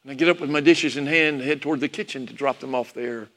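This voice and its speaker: A man's voice: mid-range voice, fast, a bit bright. A preacher telling a sermon story, reminiscing about his parents. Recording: long hall reverb.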